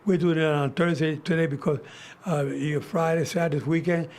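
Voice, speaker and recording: Older male host, slightly higher voice, rambling anecdotes, casual talk show. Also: steady tone, a little fast, a little mellow. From United States. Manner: rambling, many restarts and fillers. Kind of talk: casual storytelling chat.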